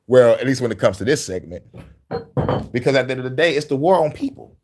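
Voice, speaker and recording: Podcast host, male, thirties, easygoing profane rants that jump into loud shouted movie impressions, laughs a lot. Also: mid-range voice, animated, fast, soft background music. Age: 30s. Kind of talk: casual profane political chat.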